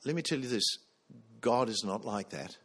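A man's voice: on the low side, animated, moderate pace, a bit bright. A man preaching a sermon, earnest, putting questions to the congregation.

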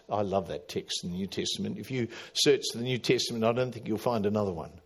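A middle-aged man preaching a sermon, swinging from loud emphatic calls to quiet, low asides. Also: very animated, brisk, vocal fry, husky. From Australia. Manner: dramatic, rising to loud emphatic calls then dropping quiet. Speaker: pastor.

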